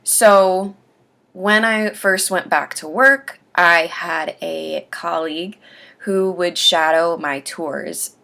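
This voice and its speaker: A woman talking earnestly about getting used to dentures, pausing between phrases as she gives advice. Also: fairly low pitch, creaky, sharp tone. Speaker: host sharing denture aftercare advice. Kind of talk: casual instructional talk.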